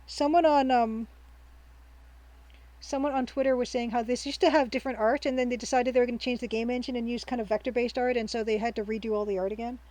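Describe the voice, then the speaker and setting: A woman with a somewhat high voice talks her way through a game on stream. Her commentary is casual and rambling, full of ums and restarts as she thinks aloud. She sounds cheerful and laughs easily. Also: fairly even intonation, fast talker, a little mellow, dry recording, low-quality recording. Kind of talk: casual let's-play commentary.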